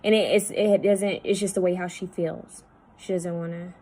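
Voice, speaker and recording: Hushed, halting woman psychic medium. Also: lowish voice, fairly even intonation, rough recording. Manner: halting, repetitive, often dropping to a hushed voice. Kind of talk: spirit-channeling video monologue. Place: at home.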